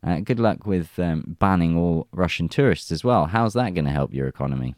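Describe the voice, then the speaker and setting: A man's voice: sits low, expressive, brisk, darkish tone, no echo, studio quality. A man reading news reports aloud and adding wry, chuckling remarks in casual commentary. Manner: reads reports then jokes and chuckles.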